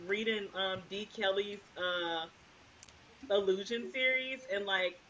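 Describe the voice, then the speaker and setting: A young adult woman co-hosting a podcast, chatting expressively and getting louder when she retells a story. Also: medium pitch, slow, a little hiss or hum, low-quality recording. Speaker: podcast co-host. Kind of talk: casual podcast chat.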